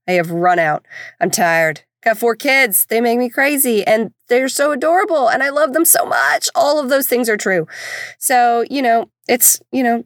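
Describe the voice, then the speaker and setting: A woman's voice: mid-range voice, no echo. A woman, casually telling stories about her kids, chatty and exasperated, with self-deprecating humor. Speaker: podcast host and mother of four. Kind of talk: casual storytelling monologue.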